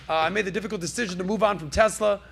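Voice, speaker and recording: A man hosting a podcast, riffing on the news with animated, jokey asides to his crew. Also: sits high, rapid-fire, creaky, slight background noise. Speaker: podcast host. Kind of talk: energetic news commentary.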